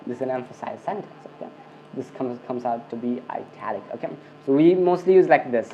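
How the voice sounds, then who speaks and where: Animated and a little fast, a man with a medium-pitched voice teaches coding over a screencast, constantly saying "okay" and "I mean" and starting his sentences over. The recording is dull and lo-fi, with slight background noise.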